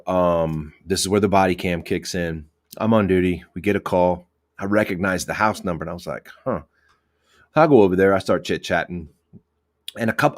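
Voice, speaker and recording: A police officer telling a work story in a rambling, profane way, with many restarts. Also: male voice, sits low. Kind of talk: casual podcast storytelling.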